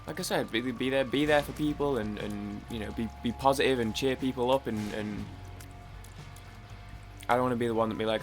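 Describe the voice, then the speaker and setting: A man's voice: mid-range voice, brisk, soft background music. A man chatting casually while playing a video game, rambling, restarting his sentences and swearing now and then. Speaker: gaming YouTuber. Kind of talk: casual let's-play chat.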